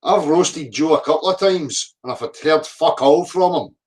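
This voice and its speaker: Profane ranting man, high voice. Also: moderate pace. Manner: abrasive, profane, mocking. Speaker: flat earth video commentator. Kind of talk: ranting reply to viewer comments. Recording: voice a bit distant from the mic.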